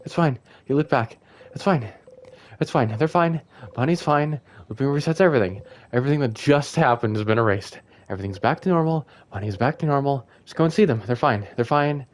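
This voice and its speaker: A man's voice: medium pitch, a little fast, slight background noise, voice pushed up, close to an everyday voice. A man voicing a panicked young game hero who keeps frantically repeating reassurances to themself. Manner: frantic, repetitive, breathless reassurance.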